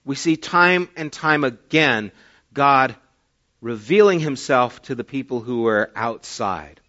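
A male pastor preaching in a storytelling way, his voice rising loud and emphatic, then dropping quiet and low. His tone is bright and forward, at a mid pitch. The recording sounds dull and lo-fi. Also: expressive, takes it slowly. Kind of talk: sermon.

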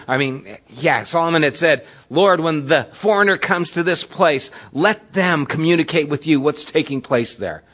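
A man's voice: a little high, fairly bright tone. A man preaching a sermon as the pastor, retelling scripture in everyday, conversational words.

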